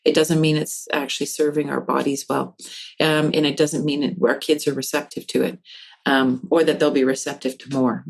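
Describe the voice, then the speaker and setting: A creaky, low-sitting female voice at a moderate pace belongs to a developmental counselor and author being interviewed on a podcast. She explains with animation and performs parents' lines in quotes.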